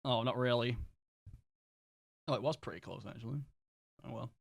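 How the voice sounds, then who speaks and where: A man with a Northern English accent, chatting casually and rambling through anecdotes while streaming a game, quick to laugh and swear. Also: medium pitch, vocal fry, no echo, clean studio sound. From England. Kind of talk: casual live-stream chat while gaming.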